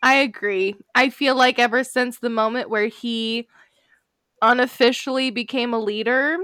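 A woman co-hosting a podcast, chatting casually, expressive and quick to laugh and get emotional. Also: a little high, smooth, dry recording, studio quality. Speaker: podcast co-host. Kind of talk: casual chat.

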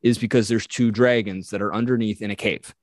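Animated storytelling man, dry close mic. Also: fairly low pitch, fairly quick, dry recording. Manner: animated retelling, acting out quoted characters. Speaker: podcast co-host. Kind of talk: casual storytelling chat.

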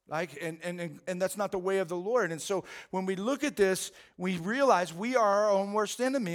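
A man's voice: high voice, a bit bright. A man preaching a sermon as pastor, earnest and conversational, often repeating words as he goes.

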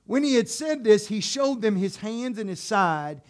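A man preaching a sermon. He asks the congregation rhetorical questions and calls out to them directly, dropping into soft, low passages and then rising into loud exhortation. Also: animated, unhurried. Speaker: pastor.

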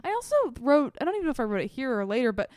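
A young woman co-hosting a podcast, recapping a TV episode in a casual, animated way, swearing freely and saying "like" a lot. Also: sits high, racing, no echo, studio quality. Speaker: podcast co-host. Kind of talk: casual chat recapping a TV show.

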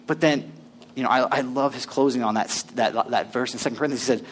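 A male pastor preaching a sermon in a conversational, animated way, reading scripture aloud to his congregation. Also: medium pitch, brisk, slight background noise.

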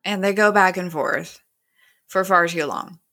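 A woman's voice: lowish voice, measured pace, fairly bright tone. A woman retelling a TV episode in casual chat, quoting the characters with "he's like" and laughing along. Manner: retells scenes with "he's like" quotes and giggles.

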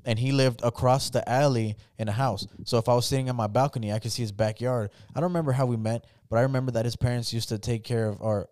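A man's voice: medium pitch, darkish tone, no echo. A young man hosting a casual podcast, telling stories in a loose, profane way. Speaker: podcast host. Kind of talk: casual chat.

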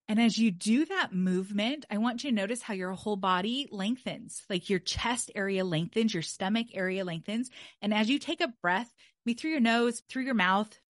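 A woman's voice: medium pitch, dry recording, studio quality. A woman hosting a podcast, teaching in a chatty, upbeat way and coaching listeners through breathing exercises from her desk microphone. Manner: chatty and upbeat, laughs at own jokes. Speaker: podcast host teaching about the brain. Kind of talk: casual teaching talk with guided breathing. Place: at a desk, indoors. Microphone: desk microphone, leaning in close.

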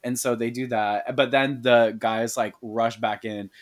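A podcast co-host casually recapping a film in animated, profane storytelling. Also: mid-range voice, unhurried. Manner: animated storytelling, lots of swearing, voices the characters.

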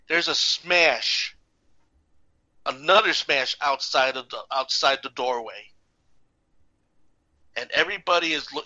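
A man telling a casual story in an animated way, acting out the people in it. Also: on the high side, highs cut off. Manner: animated, acts out the characters. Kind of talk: casual anecdote.

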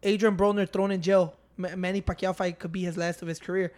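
A man's voice: sits high, flat delivery, fast talker, darkish tone. A man hosting a casual podcast. He keeps interrupting and scolds his co-host. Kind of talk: casual chat.

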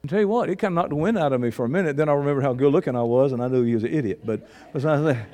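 A male pastor preaching a sermon, swinging between fervent shouts and low, hushed emphasis. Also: racing. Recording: long reverb of a large hall.

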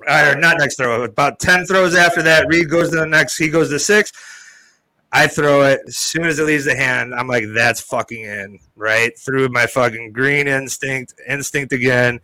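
A man spins a long story with a bright, forceful edge to his voice. He swears freely and talks animatedly. The sound is dry and close, with no room around it. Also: mid-range voice, normal speed, dry recording, low-quality recording. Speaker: podcast co-host telling a story. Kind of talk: casual storytelling chat.

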